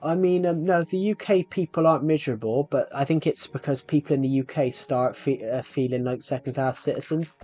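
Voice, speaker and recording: Slightly high and brisk, this man's a little mellow voice runs on with hardly any pauses over faint background music. He's gaming live, chatting in a rambling way and talking straight to viewers.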